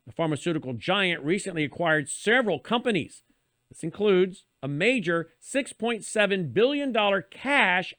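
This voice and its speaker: High-voiced man giving sarcastic news commentary. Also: bright, forceful tone, no echo, clean studio sound. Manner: sarcastic, pointed delivery. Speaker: show host.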